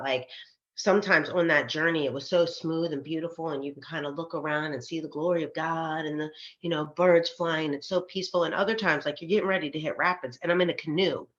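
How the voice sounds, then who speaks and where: Co-hosting a podcast, a woman shares a personal story centered on her faith, speaking in a low voice with frequent fillers such as "um" and "like." She is casual and animated, laughing a lot and voicing the people she quotes, on a slightly dull lo-fi recording.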